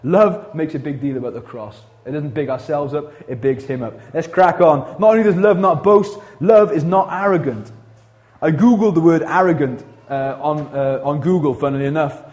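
A Welsh man preaching a casual, animated sermon as pastor of a church, full of slang and quick asides. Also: a little high.

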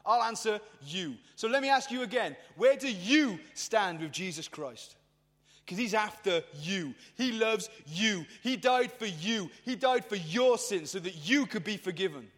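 High-voiced youth preacher in a hall. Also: male voice, expressive, unhurried, a bit bright. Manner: passionate and colloquial, addressing the crowd. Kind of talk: lively youth sermon. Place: large hall at a youth event. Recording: long hall reverb.

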